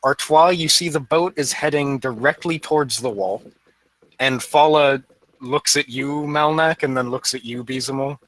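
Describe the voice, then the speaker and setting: A man narrating a tabletop game as game master, playful and quick to laugh. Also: medium pitch, fairly bright tone, poor audio.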